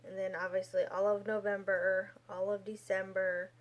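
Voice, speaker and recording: A woman's voice: medium pitch, little pitch movement, normal speed. A young woman in her twenties telling a personal story in a casual, rambling vlog style, full of fillers and restarts. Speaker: vlogger.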